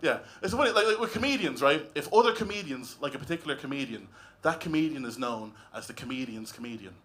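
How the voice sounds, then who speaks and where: A man's voice: mid-range voice, lively intonation, quick pace, fairly bright tone. An Irish man doing a stand-up comedy set on a club stage, talking in a wry, conversational way with lots of tag questions. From Ireland.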